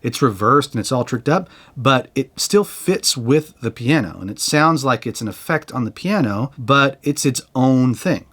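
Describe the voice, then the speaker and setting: A man's voice: mid-range voice, expressive, moderate pace, few pauses, fairly bright tone. A man hosting a casual music production tutorial, walking through his settings step by step.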